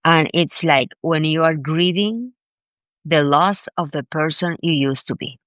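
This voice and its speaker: A woman being interviewed as a grief expert, telling a personal story in an animated, emphatic way and often repeating words. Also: deep voice, a little slow, no room sound. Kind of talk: conversational storytelling.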